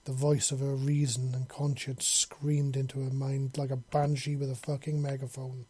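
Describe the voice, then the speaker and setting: A storybook narrator reads in a flat, level delivery with little pitch movement. The voice is husky and dark-toned, recorded close and dry. The reading is steady and blunt, coarse words included. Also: measured pace, few pauses, no echo.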